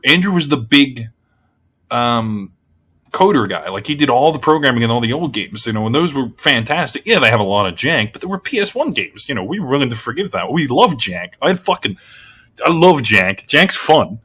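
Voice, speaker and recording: A man's voice: mid-range voice, sing-song, moderate pace, pushed and bright, breathy edge. An Australian man rants in a casual, blunt way, swearing a lot and rambling with frequent restarts. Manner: heavy swearing, blunt and exasperated. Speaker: gaming video creator. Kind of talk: casual game review rant.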